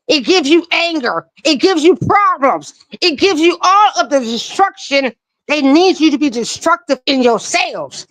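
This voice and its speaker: Woman, very high voice, tipsy, fiery rant, dry close mic. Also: fairly bright tone, dry recording, rough recording. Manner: fiery, ranting, repetitive, laughing often. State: tipsy from drinking. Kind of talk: loose profane live-stream chat.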